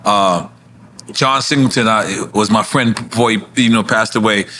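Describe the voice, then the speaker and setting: A man's voice: lowish voice, moderate pace, sharp tone, a little hiss or hum. Boisterous New York man hosting. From New York City. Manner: boisterous, profane, laughs often. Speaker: podcast host. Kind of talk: loose casual chat over drinks.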